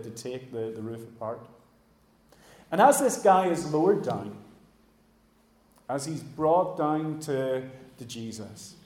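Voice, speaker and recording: A man preaches a sermon, bright and animated. He acts out quoted voices and then sinks to a near hush at the close of his thoughts. His fairly high voice rings around an echoey church room. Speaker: pastor.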